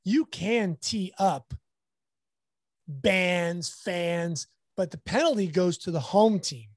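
Man telling a lively courtside story. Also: high-pitched, slow pace, no echo, clean studio sound. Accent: Southern Californian. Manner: animated, acts out quoted dialogue. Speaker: sports photographer guest. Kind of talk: casual storytelling.

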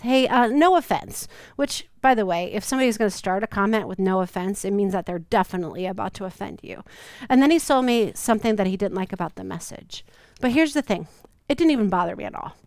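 Earnest woman pastor, smooth dry voice. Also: medium pitch, no room sound. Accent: Midwestern American. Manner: earnest, personal storytelling with soft, quiet stretches. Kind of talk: sermon. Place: church sanctuary.

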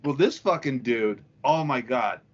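A man co-hosting a crude comedy podcast, telling profane stories with excitement. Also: medium pitch, a little slow. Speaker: podcast co-host. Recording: dull, slightly lo-fi sound.

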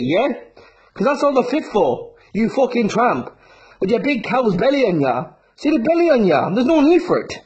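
Man, fighter's call-out video, taunting and profane, wide swooping pitch. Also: husky, highs cut off. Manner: insulting, swearing, constant "right?" and "yeah?" tags. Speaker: bare-knuckle fighter issuing a challenge.

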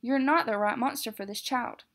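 A woman voicing a formal, strict male monster teacher who lays out rules in a measured, instructive way. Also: on the high side, a bit bright.

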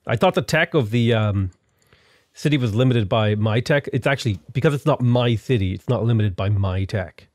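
A man's voice: medium pitch, normal speed, dry recording, clean studio sound. A young man commenting casually on a strategy game he is playing, joking and getting exasperated. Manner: animated, exasperated, jokey. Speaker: gaming YouTuber.

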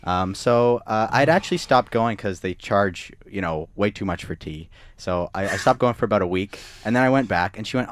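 A young man, co-hosting a podcast and telling a story in a halting, self-deprecating way. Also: lowish voice, dry recording. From Canada. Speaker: podcast co-host. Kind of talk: casual storytelling chat.

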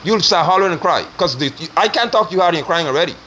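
A middle-aged man preaches with fierce, scolding force. His voice sits high and swings widely in pitch, bright and sharp at the edges. Faint noise hums behind him. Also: animated, very fast. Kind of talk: fiery online sermon.

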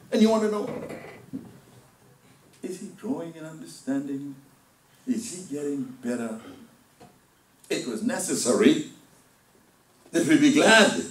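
A man delivering a sermon as a deacon, swinging between loud outbursts and hushed asides. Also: medium pitch, lively intonation, a little slow, pauses often, reverberant, distant mic, poor audio. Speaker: deacon preaching. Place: church hall.

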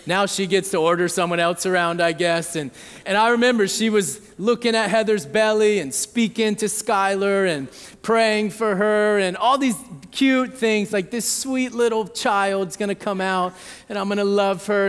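A man in his thirties with a high-pitched, slightly bright voice preaches a sermon as a pastor in a church hall. He tells a family story conversationally, often checking in with the audience, and the recording carries long hall reverb.

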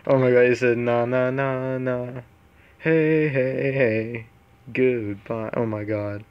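A man's voice: medium pitch, creaky, highs cut off. A man reading out comments in a casual reaction commentary, laughing often as he reads. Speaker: YouTube commentary host.

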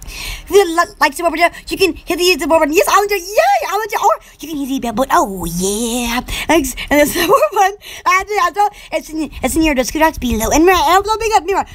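Woman livestream host, very high and bright-toned, giggly, rambling chatter to viewers at home. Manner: giggly, rambling, exclamatory, blows kisses to viewers. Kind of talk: casual live-stream chat.

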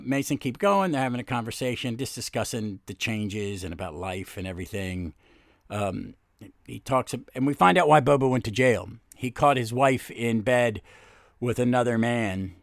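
A man's voice: mid-range voice, no echo, studio quality. A man hosting a comic book podcast, chatting casually and rambling with many fillers and restarts. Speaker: podcast host.

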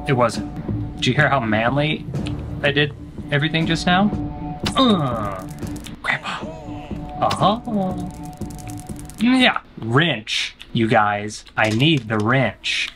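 A man streaming a horror game, joking and talking back to the game's characters in playful commentary. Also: fairly high pitch.

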